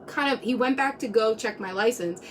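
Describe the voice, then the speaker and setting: A woman's voice: on the high side, fairly quick, recorded from a distance, a little hiss or hum. A woman in her twenties telling a personal story casually on a live stream, rambling with many fillers. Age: 20s. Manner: rambling, many "like"s, laughs between lines. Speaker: vlogger.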